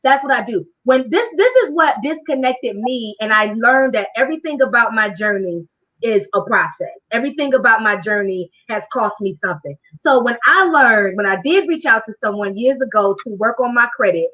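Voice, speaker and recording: A high-pitched woman leads a live online workshop as a financial coach, speaking with a fervent, preacher-like drive and calling out to her listeners. Her voice comes through a muffled, lo-fi video call. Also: moderate pace. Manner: animated, preacher-like, talks straight to the audience. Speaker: financial coach hosting a training.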